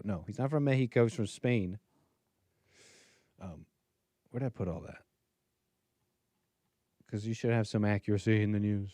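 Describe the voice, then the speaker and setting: Male political livestream host, mid-pitched, rambling, self-interrupting, dry close sound. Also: dark tone, dry recording. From United States. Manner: rambling, self-interrupting, laughs at own tangents. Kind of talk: casual political livestream commentary.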